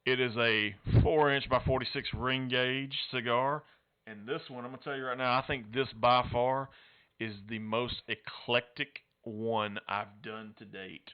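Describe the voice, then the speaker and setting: A man's voice: medium pitch, fairly even intonation, measured pace, clear, resonant tone. A man co-hosting a casual chat show, playfully reviewing a cigar and a whisky and tossing in joking Spanish phrases. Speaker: podcast co-host. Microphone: headphones and studio mic. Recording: slightly dull lo-fi audio.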